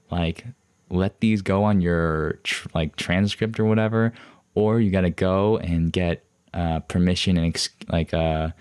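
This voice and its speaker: A man voicing a quick-tempered male high school counselor who lectures and scolds a student. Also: darkish tone, clean tone, no echo, clean studio sound.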